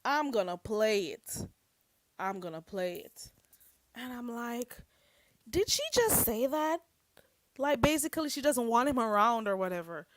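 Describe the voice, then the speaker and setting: Chatty woman streamer, bright high voice. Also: moderate pace, dry recording. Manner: chatty, animated, greets chat viewers by name. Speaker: YouTube commentator. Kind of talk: casual livestream commentary.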